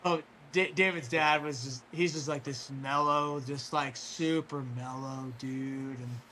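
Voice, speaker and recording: A man telling a long story in casual chat, rambling with fillers and restarts, clearing his throat as his voice wears out. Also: mid-range voice, steady tone, measured pace, sharp tone, a little hiss or hum. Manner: rambling, full of fillers and restarts, swears freely. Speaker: guest storyteller.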